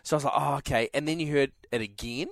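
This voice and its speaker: A man's voice: mid-range voice, fast talker, dry recording, studio quality. A young man hosting a radio show, telling a story with lots of acted-out voices. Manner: animated storyteller acting out voices. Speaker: radio host. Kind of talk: casual chat.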